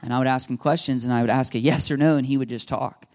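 A man preaching a sermon as pastor, lively and animated, acting out the voices he quotes. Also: medium pitch, fast talker.

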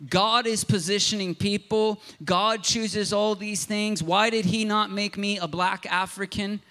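A pastor from Southern Ohio preaching a sermon and mixing scripture with personal stories. His voice sits high for a man and has a bright, forceful ring. He talks in an impassioned, conversational way. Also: fairly even intonation, measured pace.

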